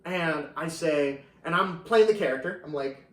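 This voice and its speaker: A man casually telling a story on a podcast, animated, laughing often and acting out the voices of the people in it. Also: a little high, a little fast, hardly any pauses. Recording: roomy, distant mic.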